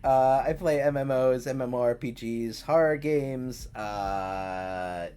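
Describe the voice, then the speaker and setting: A livestreamer chatting casually with viewers from a home setup, animated and freely swearing when ranting. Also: medium pitch, takes it slowly, clean tone. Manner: soft cooing baby talk to the cat. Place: home streaming room.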